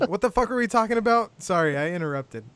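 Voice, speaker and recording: A man's voice: high-pitched, expressive, brisk, a bit bright. Joking American man hosting. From United States. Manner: joking, crude, playful teasing. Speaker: podcast host. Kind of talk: casual podcast chat.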